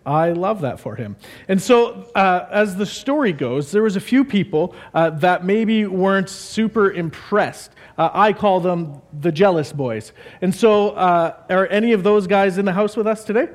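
Brief: a jokey male pastor with a high voice, rambling casual sermon. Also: measured pace. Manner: jokey and rambling, many fillers.

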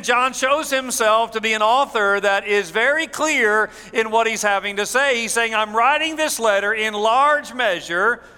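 A man preaching a sermon as pastor, measured, going low and soft when he reads scripture. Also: clean tone. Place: church sanctuary. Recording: church hall reverb.

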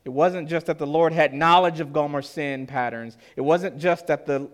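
A male preacher with a somewhat high voice delivers his sermon earnestly, stretching out key lines for weight. He speaks directly to the congregation in a measured pulpit style. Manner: earnest, slows down to stress lines.

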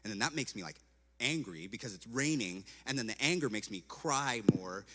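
A man from California telling his personal testimony as a story, animated and acting out his own past words, with "like" all through his talk. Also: medium pitch, moderate pace. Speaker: speaker giving a personal testimony. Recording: long hall reverb.

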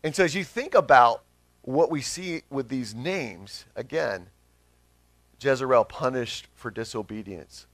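A man's voice: medium pitch, animated, unhurried, dry recording. A man in his thirties, a pastor giving an earnest, conversational sermon with rising emphasis.

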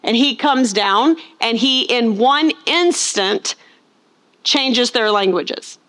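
Emphatic woman preacher, rather high voice. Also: slow, fairly bright tone. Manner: asks the congregation rhetorical questions; acts out scenes in funny voices. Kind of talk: sermon.

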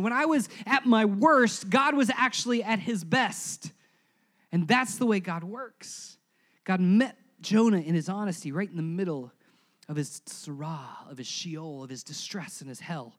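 A male pastor preaching a sermon to his congregation in church, moving from loud emphasis to hushed, low passages. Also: measured pace. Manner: animated preaching, swings between loud emphasis and hushed lows; conversational, asks the congregation to repeat words.

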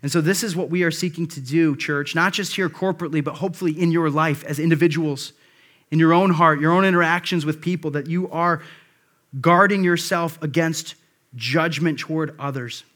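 Bright-voiced male pastor preaching. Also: a little high, steady tone, brisk. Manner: conversational preaching with frequent asides and restarts. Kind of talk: sermon.

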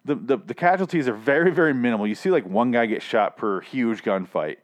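A man reviews a TV season in a rambling, profane rant full of exasperation. His voice sits at an ordinary pitch and is wearing hoarse from all the shouting. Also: expressive, fairly quick. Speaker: TV show reviewer. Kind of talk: casual ranting review.

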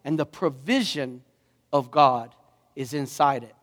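A man pastor preaching a sermon, animated and rising to emphatic questions. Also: medium pitch, unhurried, big-room sound.

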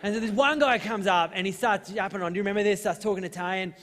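A young Australian man preaching in a casual, chatty storytelling way, his voice sitting a little higher than most men's. The sound trails off into the long reverb of a large church hall. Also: fast talker, fairly bright tone. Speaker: pastor. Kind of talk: sermon.

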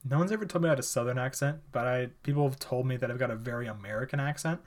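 A young man co-hosting a relaxed podcast conversation. He rambles along, leaning on filler words and often breaking into laughter. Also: medium pitch, very fast. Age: young adult. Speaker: podcast co-host. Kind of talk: casual chat.

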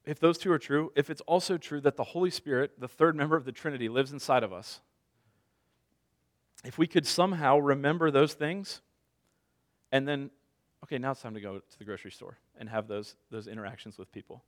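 A man's voice: medium pitch, brisk. A man in his thirties preaching a sermon as a pastor, conversational, telling stories with self-deprecating humor.

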